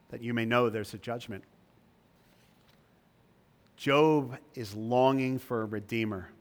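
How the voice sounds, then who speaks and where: A man preaching a sermon, emphatic, his voice rising high when he reads scripture aloud. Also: a bit bright. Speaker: pastor. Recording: long reverb of a large hall.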